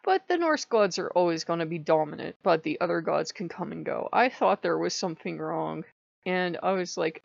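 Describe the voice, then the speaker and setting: A woman vlogger chatting casually to camera about her spiritual life, animated and laughing often. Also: lowish voice, moderate pace, creaky, no echo, dull audio.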